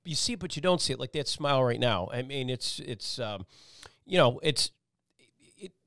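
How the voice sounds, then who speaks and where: A man's voice: mid-range voice, lively intonation, normal speed, creaky, fairly bright tone, dry recording, clean studio sound. A man hosting a casual talk-show interview, rambling and emphatic, with many restarts. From Italian-American family. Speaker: talk show host and meteorologist.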